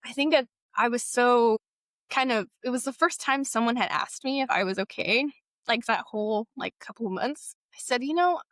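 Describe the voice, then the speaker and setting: A young woman tells a painful story from her past, her voice sitting a little high. She speaks haltingly and with feeling, often pausing on fillers as she searches for words. The sound is dry, with no room around it. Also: a bit bright, no echo. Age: young adult. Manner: halting, emotional retelling with frequent fillers. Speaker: guest sharing a personal story. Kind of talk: personal storytelling.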